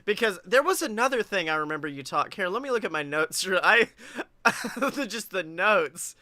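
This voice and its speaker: Bright, high-voiced man telling stories. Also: moderate pace, no room sound. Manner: animated storyteller, acts out quotes, laughs often. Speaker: podcast co-host. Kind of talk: casual chat.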